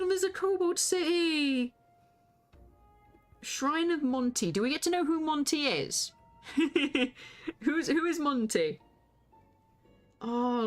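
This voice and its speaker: A woman streaming a game live, excitable and gushing, laughing often. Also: high-pitched.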